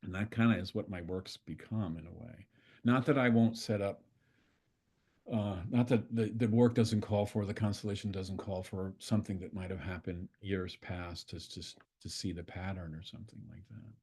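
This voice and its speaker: A man, a constellation facilitator, telling a story in a relaxed, conversational way and acting out the dialogue. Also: low-pitched, moderate pace, husky. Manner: conversational, acts out dialogue with swearing quotes. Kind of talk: storytelling in an online talk.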